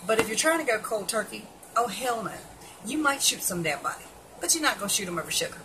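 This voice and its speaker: A fairly high-voiced woman talks straight at the camera, blunt and sarcastic, tossing in swear words. The recording carries a clear layer of background noise. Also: lively intonation, fast, sharp tone, low-quality recording. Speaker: keto vlogger. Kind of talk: casual commentary reacting to an article.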